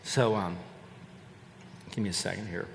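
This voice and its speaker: An older man preaching a sermon as a pastor, earnest and measured, repeating phrases for emphasis. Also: deep voice, fairly even intonation, creaky, background noise. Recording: echoey hall with long reverb and faint ambience.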